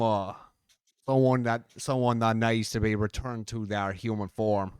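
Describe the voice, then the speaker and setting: Slow, halting tabletop game master. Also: mid-range voice, level tone, a little mellow, clear, resonant tone, no echo, studio quality. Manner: halting, with many restarts and laughs.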